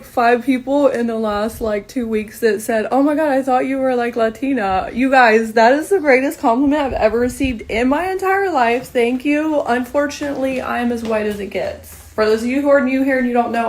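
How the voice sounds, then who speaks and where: A woman's voice: fairly high pitch, normal speed, hardly any pauses. A woman from North Carolina with a Southern accent, telling a blunt, profane storytime to her viewers. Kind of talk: casual storytime monologue.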